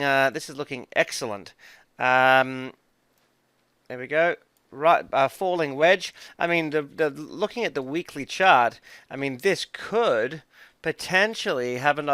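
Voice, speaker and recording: A man's voice: on the high side, bright, forceful tone, smooth, no echo. A man giving casual stock market commentary over charts, upbeat and chatty, rambling with many fillers and restarts.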